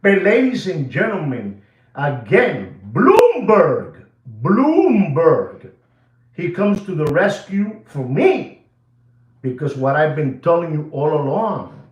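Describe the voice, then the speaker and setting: Excitable man ranting in an echoey room. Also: on the high side, takes it slowly, muffled recording. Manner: repetitive, emphatic, addresses viewers directly. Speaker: watch channel host. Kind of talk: animated ranting commentary.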